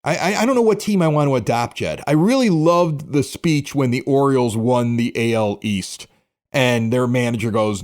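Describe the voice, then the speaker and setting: A man's voice: medium pitch, animated, moderate pace, a little mellow. A man hosting a sports podcast, talking bluntly and emphatically in casual chat, full of strong opinions. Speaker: podcast host.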